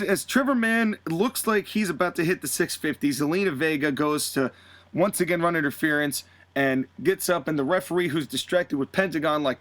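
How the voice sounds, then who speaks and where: A man co-hosting a podcast, recounting a booked wrestling show in casual, animated storytelling and dropping into quick voices for the people he quotes. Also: a little high. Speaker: podcast co-host.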